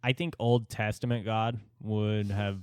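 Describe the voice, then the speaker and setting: A man co-hosting a podcast, trading wisecracks and deadpan jokes in casual chat. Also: on the low side, unhurried, clean tone, dry recording. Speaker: podcast co-host.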